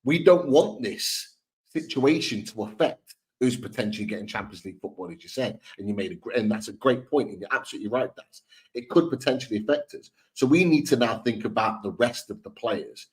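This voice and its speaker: A man's voice: medium pitch, expressive, a little fast, poor audio. A man co-hosting a live football fan stream, talking earnestly and often repeating and restarting his words. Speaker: football podcast co-host.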